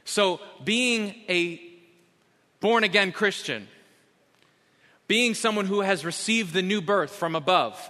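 High, bright-voiced pastor in a reverberant hall. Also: male voice. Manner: emphatic, repeats key phrases slowly. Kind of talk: sermon. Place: church sanctuary.

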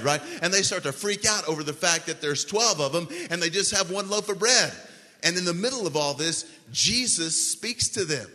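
A man preaching a sermon as pastor, telling the story with animated voices for panicked disciples. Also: high voice, moderate pace. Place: church sanctuary. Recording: long reverb of a large hall.

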